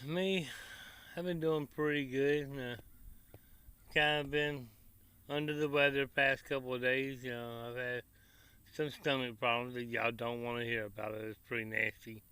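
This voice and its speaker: A barbecue vlogger speaks in a steady, mid-range voice at normal speed, with a sharp, clear, resonant tone. Chatting casually to camera outdoors by his grill, he rambles in a folksy Tennessee Southern accent laced with country slang.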